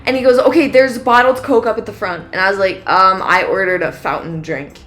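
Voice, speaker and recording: A woman's voice: medium pitch, a little fast. A young woman co-hosting a podcast, casually telling a long story and acting out each side of the exchange with lots of "like". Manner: animated storyteller, acts out quoted exchanges with many "like"s. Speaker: podcast co-host.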